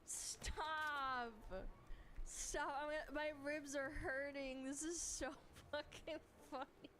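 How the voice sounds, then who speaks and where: A woman streamer giving excitable livestream reaction commentary, laughing often and swearing freely. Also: high-pitched, takes it slowly.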